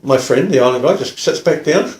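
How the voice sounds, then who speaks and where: An older man with a New Zealand accent, a retired police officer telling stories in a relaxed, casual way. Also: a little high, brisk, roomy sound, a little hiss or hum. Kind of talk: casual storytelling.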